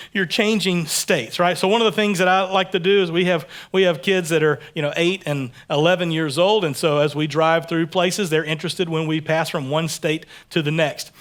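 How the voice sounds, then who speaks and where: A man from Texas preaching a sermon in a relaxed, conversational way, often repeating words as he builds his points. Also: high-pitched. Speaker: pastor. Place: church sanctuary.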